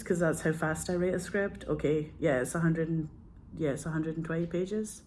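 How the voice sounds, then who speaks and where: A woman's voice: low-pitched, normal speed, warm tone, a little hiss or hum. A woman who is a filmmaker, telling a personal story in a casual, earnest, rambling way full of fillers and restarts.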